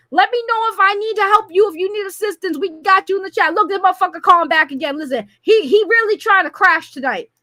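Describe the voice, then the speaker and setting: A woman streaming live, ranting loudly with profane, mocking comic riffs at a caller. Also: extremely high pitch, no echo, clean studio sound. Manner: loud, profane, mocking, rapid comic riffing. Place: home.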